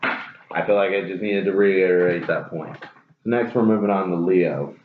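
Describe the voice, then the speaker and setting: A man with a very low voice gives a casual tarot reading, blunt and profane, hammering his points by saying them again. The sound is dull and lo-fi, in a roomy space with a clear hiss underneath. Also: normal speed. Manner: blunt and profane, repeats phrases for emphasis. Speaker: tarot reader.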